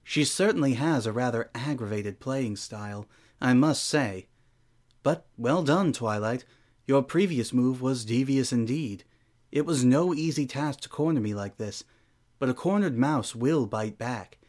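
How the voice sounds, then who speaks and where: A man's voice: mid-range voice, a little slow, darkish tone, lightly acted. A man voicing a regal, ancient female sun princess in a fan audio drama, with a refined, formal and dryly amused manner. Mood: determined.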